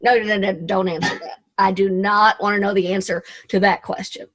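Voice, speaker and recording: A middle-aged woman from Arkansas with a Southern US accent, a radio DJ giving a lively motivational talk over a video call, folksy and chatty with playful asides. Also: mid-range voice, fairly quick. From Arkansas, USA.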